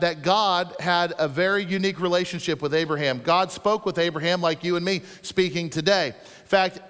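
A man gives a sermon from the pulpit, his voice pitched high for a man. He preaches with animated rises and sudden soft drops, slowing right down for scripture. The sound carries the long reverb of a large sanctuary. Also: clear, resonant tone. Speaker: pastor.

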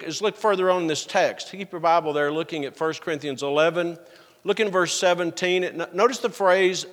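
A man preaching a sermon as pastor, reading scripture slowly and with emphasis. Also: high-pitched, a bit bright. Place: church sanctuary. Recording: long reverb of a church sanctuary.

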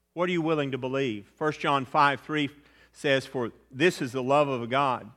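A man preaching a sermon in a church, his voice bright and forceful. He is earnest and swings between loud emphatic phrases and low, hushed endings. A long reverb trails each phrase, as in a large hall. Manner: earnest, swells louder then drops low and quiet.

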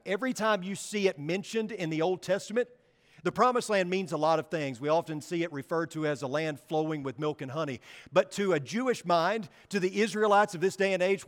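High-voiced man preaching in a church. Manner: earnest, slows for emphasis, drops quiet on key words. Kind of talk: sermon. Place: church sanctuary. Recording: long hall reverb.

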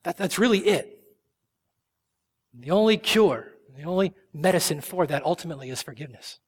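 A male pastor preaching a sermon with passion, swinging from loud emphasis to hushed whispers. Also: a little high, expressive, normal speed, slightly rough, big-room sound.

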